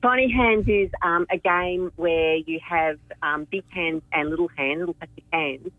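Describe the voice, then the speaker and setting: A woman's voice: on the low side, moderate pace, no room sound, phone-quality sound. A woman calling in to a radio show, chatty and giggly. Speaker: caller.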